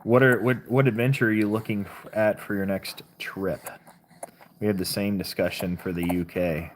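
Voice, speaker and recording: A woman's voice: very deep voice, fairly even intonation, normal speed, slight background noise. A woman from southern Missouri with a Southern accent, hosting a casual live stream, chatting with viewers and reading their comments aloud. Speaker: livestream host.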